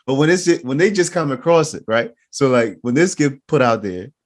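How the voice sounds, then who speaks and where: A man hosting a casual interview podcast who asks long, rambling questions and gets animated when he makes a point. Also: medium pitch, brisk. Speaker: podcast host.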